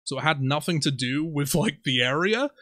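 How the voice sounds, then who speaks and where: A man's voice: on the high side, moderate pace, no echo, clean studio sound. A man in his twenties with a Somerset West Country accent, animatedly telling stories in a casual podcast chat, swearing freely. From Somerset, England. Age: 20s. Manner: animated storyteller, swears freely, laughs often. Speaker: podcast co-host.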